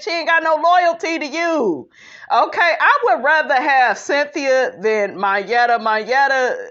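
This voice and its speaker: A woman's voice: on the high side, fairly bright tone, muffled recording. A woman hosting a podcast, giving sassy, emphatic, opinionated commentary and calling listeners honey and child. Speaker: podcast host recapping a reality show.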